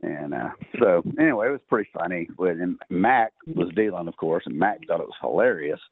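A man's voice: deep voice, lively intonation, fairly quick, slightly rough, dry recording. A man with a Texan accent telling a long poker story as a podcast guest, rambling with many uhs and ums. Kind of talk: casual storytelling. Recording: dry, tinny phone-line sound.

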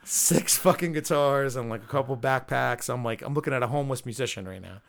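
A podcast host rambles through a long, profane story, quoting the people involved in a casual way. His voice is mid-range with some vocal fry, and he talks fairly quickly.

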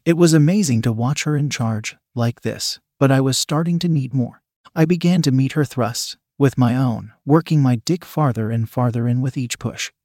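A man narrating a first-person story in a quiet, even reading voice. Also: medium pitch, normal speed, no echo, studio quality.

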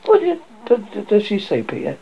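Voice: mid-range voice, wildly swooping pitch, a little fast, creaky, a little hiss or hum, voice pushed up. A reader doing a curious, earnest young girl. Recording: dull lo-fi recording.

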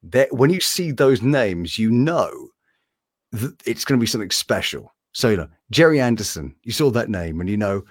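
A man's voice: lowish voice, normal speed, breathy edge, no echo, studio quality. A man who works as a voice actor, talking casually in an interview in a room hung with animation art. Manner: animated, slips between impressions.

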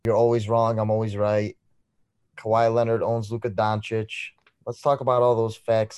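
A man's voice: fairly low pitch, moderate pace, a little mellow, clean tone. A young man co-hosting a podcast, smugly trash-talking in a sports debate. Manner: smug, teasing. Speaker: podcast co-host.

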